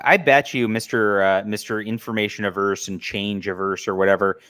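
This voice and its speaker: A man's voice: lowish voice, steady tone, normal speed, a bit bright, dry recording. A man hosting a casual podcast, joking and bantering with his co-host as they react to clips. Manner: jokey, laughs a lot, banters. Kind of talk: casual chat.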